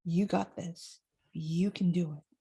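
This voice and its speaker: A woman's voice: medium pitch, lively intonation, unhurried, darkish tone, husky. A woman voicing a cheering inner wise woman. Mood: encouraging. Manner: cheering, reassuring, upbeat.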